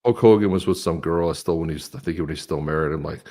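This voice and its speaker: A middle-aged man co-hosting a casual livestream chat, telling stories with lively impressions of other people. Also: very deep voice, quick pace, few pauses. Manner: animated storyteller, mimics others with a raised voice. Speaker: co-host of a crypto livestream.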